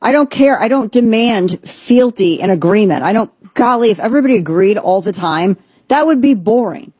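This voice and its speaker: A woman's voice: medium pitch, animated, moderate pace, darkish tone, breathy edge, no room sound. A woman hosting an opinionated commentary show, talking in an emphatic, sardonic way with blunt slang, while she has an ear infection. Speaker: show host.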